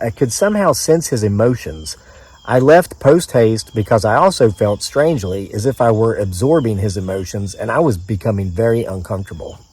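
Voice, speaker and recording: A man's voice: on the low side, darkish tone, slightly rough. Man reading his own story in the woods. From mid-Atlantic United States. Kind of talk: reading a story aloud with offhand asides. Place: outdoors in the woods.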